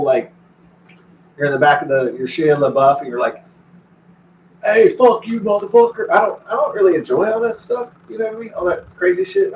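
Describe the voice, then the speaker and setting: A man in his forties rambles casually and profanely, drifting between thoughts and stopping to talk to his dog. His voice is on the high side, and the recording is echoey, distant and dull, with a little hiss or hum.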